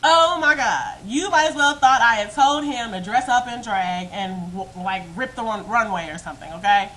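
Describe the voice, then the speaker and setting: A woman vlogger telling a story to her webcam in a casual, animated and emphatic way. She often breaks into laughter and speaks straight to her viewers. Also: on the high side, moderate pace, rough recording. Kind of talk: casual storytime monologue to camera.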